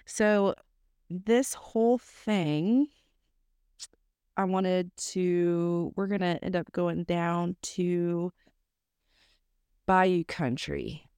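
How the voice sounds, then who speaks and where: A woman's voice: on the low side, very slow, long pauses, darkish tone, smooth, dry recording, clean studio sound. A young woman from South Mississippi co-hosting a true crime podcast, blunt and joking with frequent swearing. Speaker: podcast co-host. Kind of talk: casual true crime chat.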